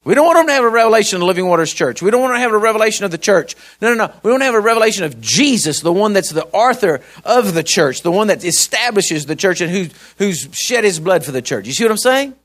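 A man's voice: high-pitched, very animated, fast, hardly any pauses, fairly bright tone. A middle-aged man preaching a sermon, folksy and emphatic, often repeating words as he tells a story. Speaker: pastor.

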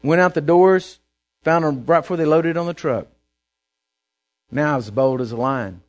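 A man from Texas with a Texan accent, telling a folksy, animated sermon story and often repeating himself as he goes. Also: a little high, normal speed.

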